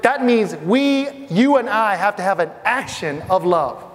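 A middle-aged man from Asia preaches in a high voice, talking with the congregation as if in conversation. His words ring out with a long reverb from a church hall. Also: lively intonation, a little slow. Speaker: pastor. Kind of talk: sermon.

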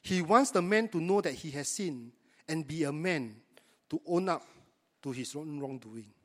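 A man's voice: a little high, expressive, measured pace, big-room sound. A man, preaching a sermon to his congregation in a conversational way and often asking them rhetorical questions. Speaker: pastor.

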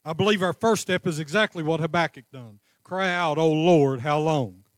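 Male pastor, high-pitched, fervent sermon delivery, dry close mic. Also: moderate pace, dry recording. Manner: impassioned preaching, rising to cries then dropping to a calm teaching tone.

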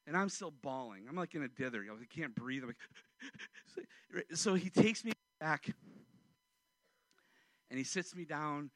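A man in his forties, a pastor, preaching a sermon and telling a personal story, swinging from loud outbursts to hushed, quiet passages. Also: fairly high pitch, expressive, moderate pace, pauses often, dry recording.

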